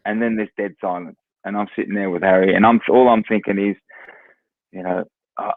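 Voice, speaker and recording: A lowish-voiced Australian man recounts dressing-room stories in a loose, anecdotal way, stumbling over and repeating words as he acts out quotes. His voice comes through a narrow, tinny line with a dry, close sound. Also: fairly even intonation, a little fast, dry recording. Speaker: former footballer, guest. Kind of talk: casual storytelling.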